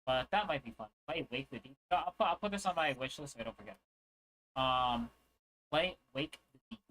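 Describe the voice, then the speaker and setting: A man's voice: mid-range voice, lively intonation, fairly quick, fairly bright tone, poor audio. A young man chatting casually on a livestream, rambling and joking with crude asides. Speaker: streamer.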